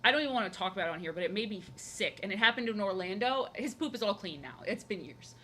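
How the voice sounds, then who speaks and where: A woman's voice: expressive, quick pace, a bit bright, slight background noise. A young woman chatting casually while drawing on a live stream, rambling and talking to her cat. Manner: rambling, chatty, talks to her cat in a high sing-song. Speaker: art streamer.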